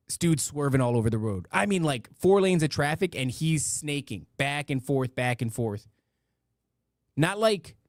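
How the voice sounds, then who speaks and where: A man's voice: high-pitched, no room sound, clean studio sound. Rambling middle-aged male podcast host. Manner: rambling, loose storytelling with many restarts and asides. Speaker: podcast host reading donations and chat. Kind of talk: casual live-stream chat.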